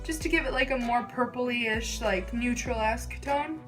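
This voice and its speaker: A woman's voice: on the high side, moderate pace, over music. A young woman chatting casually through a makeup tutorial, gushing and filling her talk with "like.". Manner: chatty, gushing, filler-heavy "like". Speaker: beauty vlogger.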